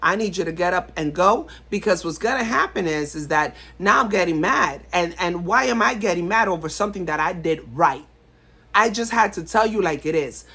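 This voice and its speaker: A woman's voice: medium pitch, bright, forceful tone, breathy edge. Blunt, emphatic woman vlogger. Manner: blunt, emphatic, repeats herself for stress. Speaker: vlogger giving life advice. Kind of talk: casual talk to camera.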